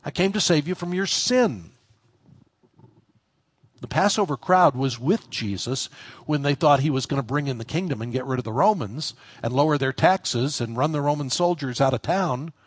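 A male pastor delivers a sermon in a conversational, explanatory tone, lifting his voice when he drives home a point. His voice sits at an ordinary middle pitch. The sound is close and dry, with no room echo. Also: fairly quick, breathy edge. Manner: conversational preaching, rising with emphasis.

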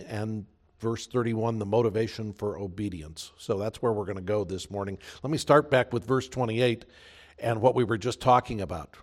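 A man's voice: fairly low pitch, normal speed. A man preaching a sermon as pastor, earnest and emphatic, repeating phrases for weight.

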